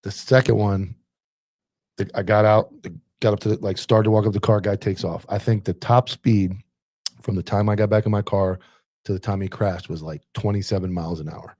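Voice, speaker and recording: A man in his forties, a police officer hosting a casual chat, telling animated stories about the job with swearing. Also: fairly low pitch, a little fast, no echo, studio quality. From Florida. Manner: swearing, animated war stories with acted quotes. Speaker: podcast host and police officer.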